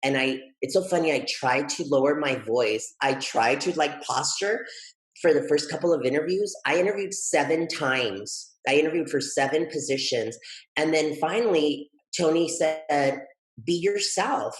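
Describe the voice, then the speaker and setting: A man guesting on an interview, telling his story in a lively, expressive way that jumps high when he gets excited. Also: moderate pace, poor audio. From Texas, United States. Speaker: guest, educator and author.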